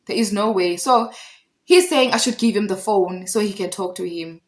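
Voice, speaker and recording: A woman's voice: medium pitch, moderate pace, rough recording. A young South African woman retelling a conflict in a casual storytime, emphatic and heated, repeating points for effect. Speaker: storyteller vlogger.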